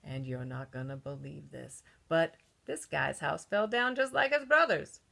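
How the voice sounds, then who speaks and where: A woman's voice: low voice, lively intonation, a little slow, gravelly, pushed and bright, voice pushed down, exaggerated voice. A woman voicing a male wolf who tells his own side of a children's story, conspiratorial and cheeky. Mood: sly. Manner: conspiratorial storytelling, with gasps and sneezes.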